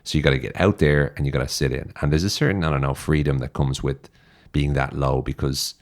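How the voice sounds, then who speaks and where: A man's voice: rumbling low, steady tone, a little fast. An Irish man talking as a podcast guest, blunt and direct, swearing freely as he gives advice. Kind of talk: casual interview talk.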